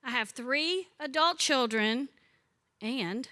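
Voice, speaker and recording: A woman in her sixties leads a Bible study, her voice bright and forward and set fairly high. She teaches in a chatty way, telling funny stories and putting questions to the group. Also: animated, slow pace. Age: 60s. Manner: chatty, warm-humored storyteller who asks the group questions. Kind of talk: conversational teaching with humorous stories.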